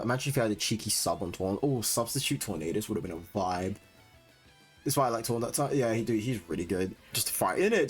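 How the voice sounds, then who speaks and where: A young man giving live commentary on his own competitive gameplay, excitable and quick to break into loud, frustrated rants. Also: lowish voice. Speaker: gaming streamer.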